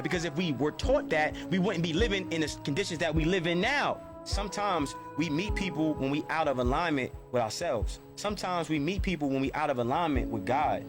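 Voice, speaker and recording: A man giving a blunt, profane motivational monologue, hammering home repeated phrases. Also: fairly high pitch. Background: music.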